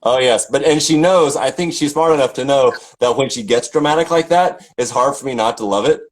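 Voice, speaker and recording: With a medium-pitched voice and a fairly quick delivery, a middle-aged opera singer from Tennessee, USA talks casually, spinning stories packed with fillers and restarts. The audio is poor.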